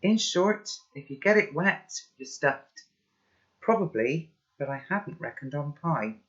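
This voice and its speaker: A man's voice: a little high, animated, unhurried, a bit bright, lo-fi sound. A man reading a children's novel aloud, with chatty asides to his listeners. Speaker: storybook reader.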